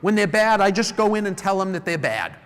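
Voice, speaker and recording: A middle-aged man from New England giving a live conference talk, a lively storyteller who acts out customer phone calls. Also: sits high, brisk, clear, resonant tone. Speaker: conference speaker. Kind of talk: live presentation to an audience. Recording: long hall reverb.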